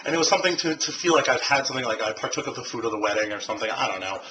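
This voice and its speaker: A man's voice: mid-range voice, expressive, rapid-fire, noisy background. A man vlogging in a rambling, casual way, full of fillers and restarts, recorded on a handheld camcorder. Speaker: video blogger. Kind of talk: casual vlog monologue. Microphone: handheld camcorder mic.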